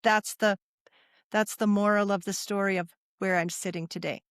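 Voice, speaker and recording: A woman's voice: medium pitch, fairly even intonation, normal speed, clean tone, dry recording, clean studio sound. A middle-aged woman sharing a personal story as a podcast guest, earnest and repeating phrases for emphasis.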